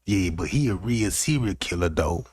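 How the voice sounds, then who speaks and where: With a low, darkish, slightly rough voice and lively intonation, a man hosts a livestream at a normal pace with no echo. His profane comic rant wanders, and he keeps asking his audience "you know what I'm talking about."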